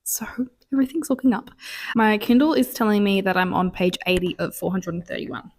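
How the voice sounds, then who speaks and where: A young woman gushes about what she's reading in a casual vlog, quick to excitement and prone to sudden whispers. Her voice sits at a middling pitch and sounds dry and close, picked up by a camera mic at home. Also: no room sound. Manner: excitable, gushing, drops into whispers. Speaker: book vlogger. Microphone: camera mic, no external microphone.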